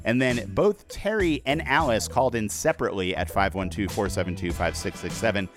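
A man's voice: on the low side, a little fast, over music. A man working as a community radio DJ, bantering playfully on air and half-singing silly freestyle rhymes. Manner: goofy, half-sung rhyming, laughing. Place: radio studio.

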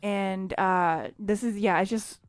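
A woman's voice: medium pitch, slow, dry recording. Woman radio host, casual rambling patter, dry close studio mic. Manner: rambling, enthusiastic, lots of ums and laughs. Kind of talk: casual community radio DJ chat. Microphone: studio microphone.

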